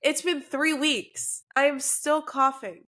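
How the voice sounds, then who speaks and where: A woman's voice: sits high, steady tone, slow, fairly bright tone. A woman speaking as a podcast guest, audibly congested and nasal from a cold, chatting in a self-deprecating way. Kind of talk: casual podcast chat.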